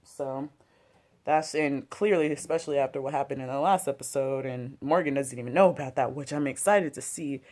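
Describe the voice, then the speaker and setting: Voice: medium pitch, brisk, darkish tone. A host reviewing a TV episode in casual chat, loose and slangy, full of "like" and "you know" and some swearing, with a drink and a smoke at home. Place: home, smoking and drinking while talking.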